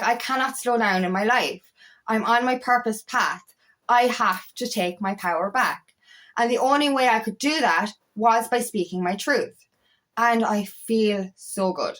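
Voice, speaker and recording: A woman's voice: medium pitch, a bit bright. A woman talking as an empowerment coach in a personal vlog, candid and emphatic, swearing freely as she speaks.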